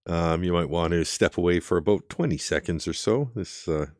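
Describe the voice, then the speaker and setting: Deep-voiced man rambling at his mic. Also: moderate pace, heavy background noise. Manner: relaxed, rambling, with frequent ums and chuckles. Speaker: streamer host. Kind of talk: casual reaction commentary. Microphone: desk microphone.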